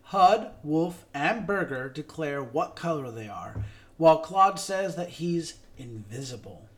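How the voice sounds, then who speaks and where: A man co-hosting a podcast, giving a steady scripted reading of credits and a show synopsis. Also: fairly high pitch, a little slow. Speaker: podcast co-host.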